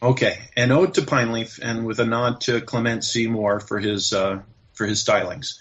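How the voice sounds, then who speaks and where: A man's voice: mid-range voice, fairly even intonation, moderate pace, fairly bright tone, breathy edge. A man appearing as a podcast guest, reading a comic rhyming poem aloud and chuckling through the lines, over dull lo-fi call audio.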